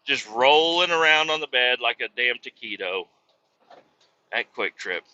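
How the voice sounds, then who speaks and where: A man's voice: medium pitch, animated, measured pace, sharp tone, lo-fi sound. A man from Kansas City, telling rambling, profane, self-mocking stories while he drives his truck. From Kansas City, USA. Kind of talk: casual storytelling monologue while driving. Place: in a truck cab while driving.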